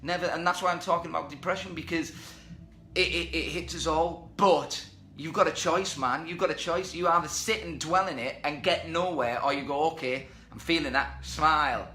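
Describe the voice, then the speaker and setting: A man's voice: on the high side, normal speed, bright, forceful tone, roomy sound. A man hosting a motivational live stream from home, talking energetically and reading out viewer comments. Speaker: host. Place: indoors at home. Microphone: webcam or phone.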